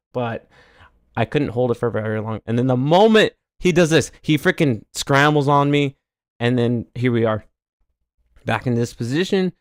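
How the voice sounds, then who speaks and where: A male streamer talks through replays of his own grappling matches in a mid-range voice, recorded dry and close. He walks through each move patiently, mutters his asides, and flares up loud and exasperated when he recounts a chance he missed. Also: clean tone, no room sound. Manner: explains techniques step by step, turns loud and heated over his own mistakes; drops to a low mutter on asides. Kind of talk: casual commentary reviewing his own match footage.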